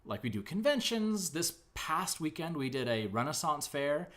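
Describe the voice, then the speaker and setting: This is a man hosting a casual live-streamed chat. His pitch swings widely as he talks. He is animated and chatty, with plenty of fillers. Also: normal speed. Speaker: podcast host, improv actor. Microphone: booth microphone.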